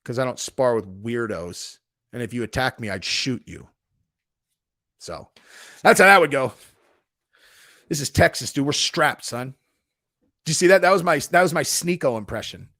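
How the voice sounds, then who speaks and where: A man's voice: mid-range voice, expressive, moderate pace, sharp tone, dry recording. A laid-back man chats with his live audience from home and throws "dude" into nearly every line. He swears freely and keeps a mid-range voice. The recording is close and dry. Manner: profane, laid-back, says "dude" constantly. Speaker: streamer host. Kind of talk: casual live-chat stream. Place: home in Texas.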